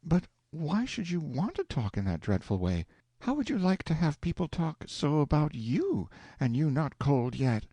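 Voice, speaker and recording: A prim middle-aged wife, careful with every dollar and quick to scold, as a male reader puts her on. The voice is raised and lively, with close, dry sound. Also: a little high, no echo, pitched above the performer's own voice. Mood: reproving. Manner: primly reproving, careful with money. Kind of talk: audiobook character voice.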